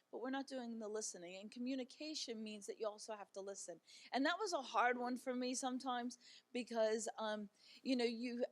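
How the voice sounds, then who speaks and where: Animated middle-aged woman telling stories. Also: a little high. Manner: conversational and animated, with frequent fillers. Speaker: guest speaker. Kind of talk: personal storytelling talk to an audience. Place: church event.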